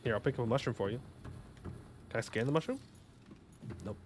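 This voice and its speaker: A man's voice: mid-range voice, a little fast, slight background noise. A man streaming a game live, chatting casually and joking while answering his chat.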